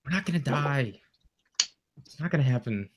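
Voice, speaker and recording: A man's voice: mid-range voice, lively intonation, normal speed, very noisy. Easygoing male player, mid-range voice, confident and reassuring. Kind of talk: casual tabletop play.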